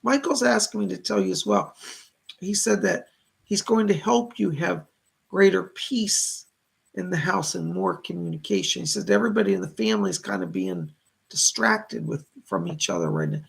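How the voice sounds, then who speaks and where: Hosting a psychic reading on a live stream, the medium speaks at normal speed in an expressive, deeply husky and gravelly voice. His pitch shifts a lot while he delivers spirit messages and thanks viewers for their donations.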